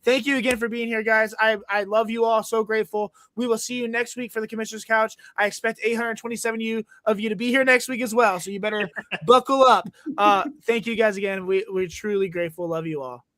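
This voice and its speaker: A sleep-deprived man in his thirties hosting a podcast, talking in an earnest, grateful way with plenty of fillers. His voice sits high and bright. It is recorded dry, with no room sound. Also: fairly even intonation, fast talker, hardly any pauses, no room sound. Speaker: podcast host. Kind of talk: casual podcast chat.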